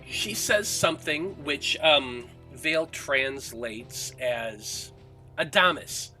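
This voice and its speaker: A man's voice: medium pitch, animated, slow, pushed and bright, faint music behind. A man running a tabletop game as game master, narrating casually with frequent ums.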